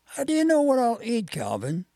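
A reader voicing a flustered woman teacher, pitched up a little and mildly exasperated. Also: animated, moderate pace, dry recording, studio quality, lightly acted. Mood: mildly annoyed.

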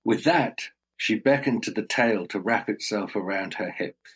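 A man telling a folk tale aloud in a slow, measured, dramatic way. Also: lowish voice, slightly rough. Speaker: storyteller. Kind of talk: oral storytelling.

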